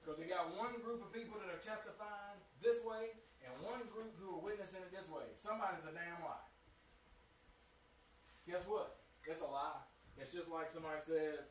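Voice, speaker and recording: A man's voice: high-pitched, moderate pace, a little hiss or hum. A man giving a conversational Sabbath sermon in a meeting room, talking in a folksy way and putting direct questions to his small congregation. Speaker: Sabbath teacher. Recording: roomy sound, mic at a distance.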